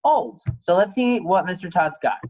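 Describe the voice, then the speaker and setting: A man's voice: high-pitched, lively intonation, moderate pace, darkish tone, poor audio. A male teacher giving a casual, chatty read-aloud and lesson for young kids, talking to them directly.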